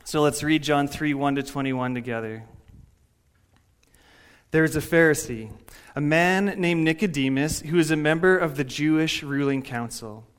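A man's voice: fairly high pitch, normal speed, clean tone. A young man, a youth pastor, preaching a Sunday sermon in a church in a conversational storytelling way. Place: church sanctuary.

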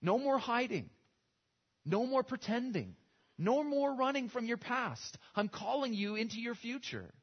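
Commanding divine voice, husky and proclaiming, done by a male preacher. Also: extremely high pitch, expressive, measured pace, voice pushed up, exaggerated voice. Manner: rising, emphatic proclamations. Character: God speaking to Moses, commanding and reassuring. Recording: dull lo-fi recording.

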